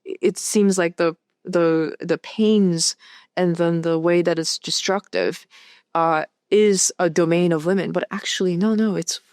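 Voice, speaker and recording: Halting, thoughtful woman, lowish voice. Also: steady tone, darkish tone, clean tone, no room sound, studio quality. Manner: thoughtful, halting, full of "like" and restarts. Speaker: film director guest. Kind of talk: casual interview chat.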